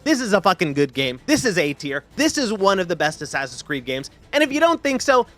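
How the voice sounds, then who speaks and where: A man's voice: brisk, soft background music. A man hosting a gaming video, giving loose, profane commentary as he ranks games. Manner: animated, profane, swings pitch freely. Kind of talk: casual ranking commentary.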